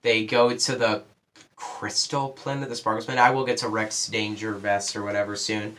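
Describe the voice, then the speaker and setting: A teenage boy giving a casual spoiler review of a movie, rambling with lots of fillers and quick asides. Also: fairly low pitch, little pitch movement, fairly bright tone. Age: teens.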